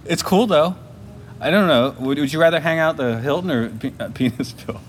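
A man's voice: a little high, a little slow, slight background noise. A man co-hosting a casual film podcast, laughing often and trailing off with fillers. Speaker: podcast co-host. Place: lives in Japan.

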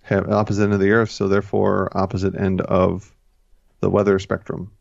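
A man with a low, gravelly voice talks casually, rambling and correcting himself while he retells scenes. The recording is dull and lo-fi, with a dry sound. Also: completely flat delivery, brisk, no room sound. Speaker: podcast co-host. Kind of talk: casual chat.

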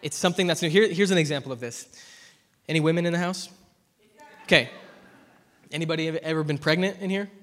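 A young man preaching a sermon at church, telling a personal story earnestly and dropping from loud to hushed. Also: a little high, fast, long pauses. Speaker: pastor. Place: church hall. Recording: long hall reverb.

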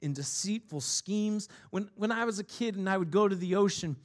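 A male pastor preaches in a conversational style, weaving scripture together with personal anecdotes and playful asides. His voice is high, and he speaks at a moderate pace.

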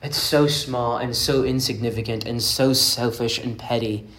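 A man preaching a sermon, retelling a parable in an earnest, emphatic way with dramatic pauses. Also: medium pitch, fairly even intonation, a bit bright. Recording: roomy echoing space.

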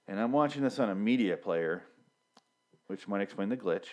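Profane, rambling man with a lowish voice. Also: expressive, moderate pace, darkish tone. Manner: rambling, profane, frequent restarts and fillers. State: worked up, flustered. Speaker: TV episode recapper. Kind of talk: casual rant.

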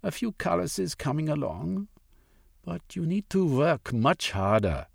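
A man voicing a gruff, skeptical older scholar who questions a visitor in a storybook reading. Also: a little high, sing-song, measured pace, no room sound, clean studio sound, pitched above the performer's own voice, exaggerated voice. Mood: suspicious.

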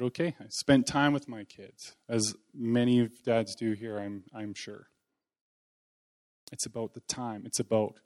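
A man speaking to a congregation in a relaxed, chatty way, as if talking with friends. His pitch sits in an ordinary middle range. He mixes gentle humor about himself into his preaching, and it comes across as unpolished and sincere. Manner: conversational, folksy, self-deprecating humor. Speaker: lay preacher. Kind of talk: informal sermon.

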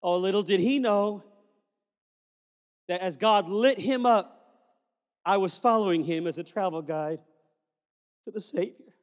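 Male pastor, high voice, storytelling sermon, joyful whoops, long hall reverb. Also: measured pace, pauses often.

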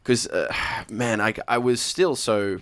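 A lower-voiced man in his forties, telling stories as an interview guest. He recounts his early presenting days with animated energy, jumping into quoted voices, and his voice is close-miked with almost no room sound. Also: slow pace, no room sound. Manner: animated anecdotes, acts out quoted voices with big pitch jumps. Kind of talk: casual storytelling.

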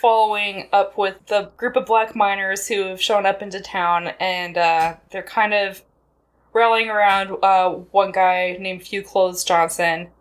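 A woman co-hosting a podcast, recapping a film in casual chat and acting out lines in quick voices. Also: mid-range voice, steady tone. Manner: chatty, laughs often, acts out quotes in voices.

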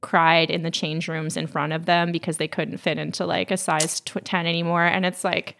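Woman podcast host telling animated stories. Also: lowish voice, moderate pace. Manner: animated storytelling, acts out quotes. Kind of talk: casual podcast chat.

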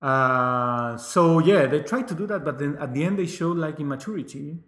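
Man, halting, in an echoey room. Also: a little high, lively intonation, fairly bright tone. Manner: halting, searching for words with many fillers. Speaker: guest. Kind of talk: casual conversational interview. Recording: roomy echo.

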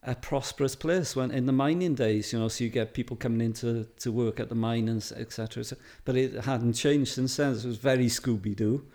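A middle-aged Welsh man talks at an easy, storytelling pace. He fills his sentences with ums and little laughs and sounds relaxed and conversational. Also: medium pitch, fast talker, few pauses. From Wales. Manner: chatty, anecdotal, laughs often, many fillers. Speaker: photographer guest. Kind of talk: casual interview chat.

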